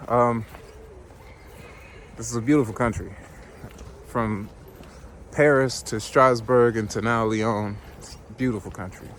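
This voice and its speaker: A man's voice: medium pitch, a little slow, pauses often, fairly bright tone, slight background noise. A man talking casually to his camera while traveling, loose and profane, tossing out joking asides. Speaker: vlogger. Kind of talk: casual vlog talk.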